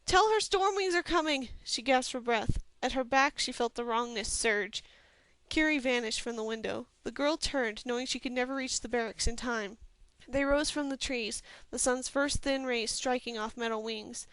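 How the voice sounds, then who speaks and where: A woman reading a fantasy novel aloud as a steady, even storyteller from a home recording. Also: a little high, normal speed, clean tone, no echo. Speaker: audiobook reader. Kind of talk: scripted fantasy novel narration.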